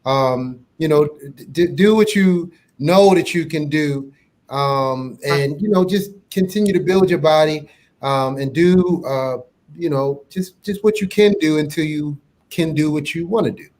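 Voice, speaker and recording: A man's voice: a little high, measured pace, darkish tone. A man hosting a casual online chat show, laid-back and joking, often stumbling over his words. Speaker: show host.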